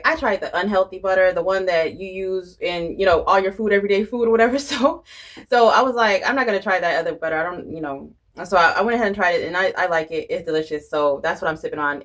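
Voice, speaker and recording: A young woman vlogger telling a rambling, animated story in a casual chatty way, full of fillers and restarts. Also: on the low side, rough recording. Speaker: budgeting and planner vlogger.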